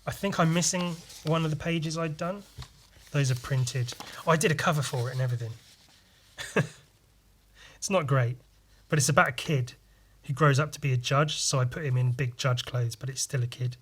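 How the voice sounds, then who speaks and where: A young man hosting a podcast, chatting casually and hesitantly about his old comic drawings, filling pauses with ums and throwing in quick sound effects. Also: fairly high pitch, a bit bright, a little hiss or hum. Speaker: podcast host. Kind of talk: casual chat about his own artwork.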